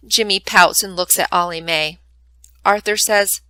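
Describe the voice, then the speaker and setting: A woman librarian reading a novel aloud, with clear, expressive storytelling. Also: lowish voice, unhurried, dry recording, poor audio.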